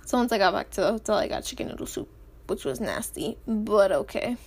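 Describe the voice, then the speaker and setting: A woman's voice: mid-range voice, lively intonation, fairly quick, gravelly, darkish tone, slightly rough. A teenage girl vlogging in a rambling, chatty way, often giggling and apologizing, with a sore, swollen-feeling throat. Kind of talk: casual chat.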